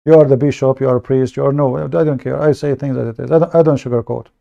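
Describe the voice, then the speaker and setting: A man's voice: medium pitch, fairly even intonation, fast, creaky, dark tone, lo-fi sound. A man from the Middle East with an Arabic accent, hosting a casual livestream monologue in a blunt, joking, self-mocking way and often repeating words. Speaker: online debate show host.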